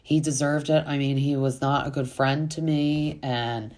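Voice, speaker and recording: A woman's voice: very deep voice, flat delivery, a little slow, a little mellow. A woman hosting a casual reality TV recap, chatty and full of fillers, with exasperated asides.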